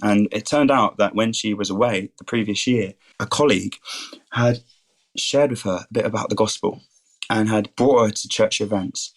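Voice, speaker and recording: A man's voice: on the low side, normal speed. A 21-year-old man, a guest on a podcast, eagerly telling faith stories and keeps calling things awesome. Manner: enthusiastic, keeps saying things are awesome. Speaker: podcast guest, student and rugby player.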